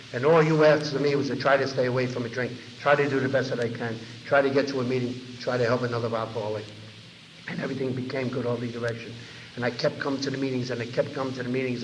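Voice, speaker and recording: Fast-talking New man in a hall. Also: mid-range voice, a little hiss or hum. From New York. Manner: animated storyteller who acts out others' lines. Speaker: recovery meeting speaker. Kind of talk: storytelling talk to a large audience. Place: large convention hall. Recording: dull 1990 tape of a hall talk with long echo.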